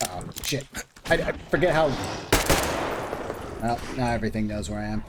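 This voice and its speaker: A man's voice: fairly low pitch, expressive, normal speed, background noise. A man streaming a video game, chatting casually with viewers and thinking aloud as he plays. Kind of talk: casual gaming commentary.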